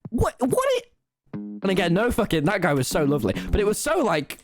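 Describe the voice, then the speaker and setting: Excitable young man, very animated. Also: sits high, fairly quick, faint music behind. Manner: excitable, swears often, laughs mid-sentence. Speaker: streamer. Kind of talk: casual live-stream storytelling.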